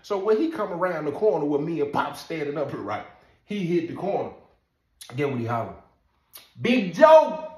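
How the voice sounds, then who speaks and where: A man telling a story in a casual, animated way, laughing often and asking "you know what I'm saying". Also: a little high, brisk. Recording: roomy echo.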